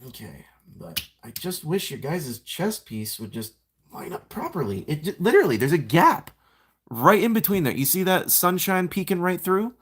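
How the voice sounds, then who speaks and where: A man's voice: on the high side, big pitch swings, normal speed. A young man chatting casually on a live stream while transforming a toy figure, rambling, self-mocking and greeting viewers by name.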